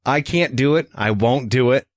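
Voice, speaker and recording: A man co-hosting a casual podcast about a book, talking in a lively, profane way and acting out quotes. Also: mid-range voice, moderate pace, no room sound, studio quality. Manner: animated, profane, acts out quotes. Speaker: podcast co-host. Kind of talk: casual book-discussion chat.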